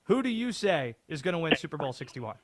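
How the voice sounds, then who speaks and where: A man's voice: a little high, very animated, fairly quick, no room sound. A man hosting a call-in sports radio show, playful with a mock-grand patter.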